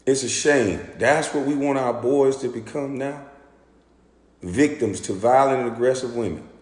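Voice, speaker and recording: A former pro basketball player telling a story in an animated, profane, indignant rant. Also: male voice, medium pitch, normal speed. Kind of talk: ranting storytelling monologue. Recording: echoey room with long reverb.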